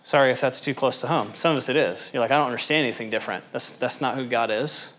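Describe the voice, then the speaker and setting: A man's voice: mid-range voice, fast talker, a little hiss or hum. A pastor preaching to his congregation, asking them direct questions and acting out little scenes in voices. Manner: animated, acts out little scenes in character voices. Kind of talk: sermon.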